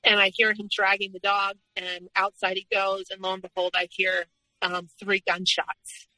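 A woman speaks as a podcast guest, working through a personal account in an earnest, halting way and often stopping on "um". Her voice is bright and forward, and the recording is dry and close, with no room sound around it. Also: medium pitch, completely flat delivery, dry recording, rough recording. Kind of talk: recounting a personal story in a podcast interview.

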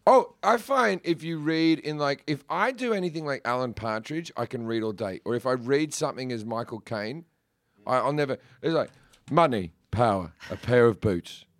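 A man's voice: mid-range voice, expressive, normal speed, a bit bright, no echo. A man hosting a podcast, joking and teasing, often laughing. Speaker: podcast host. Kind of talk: casual podcast banter.

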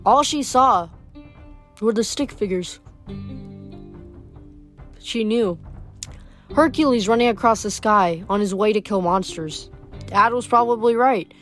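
A woman reading a novel aloud in steady storytelling narration. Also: medium pitch, measured pace, pauses often, soft background music. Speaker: reader.

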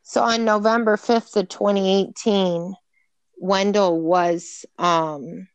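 A woman co-hosting a casual chat podcast, speaking in a measured, careful way as she recounts things. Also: mid-range voice, steady tone, crowd noise. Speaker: podcast co-host.

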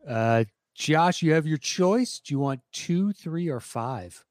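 An upbeat man running a trivia game, keeping score and teasing his guests. He draws out each clue slowly and deliberately. The sound is close and dry. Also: on the high side, expressive, no echo. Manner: upbeat, reads clues in a slow deliberate cadence. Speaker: game show host. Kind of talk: hosting a podcast game.

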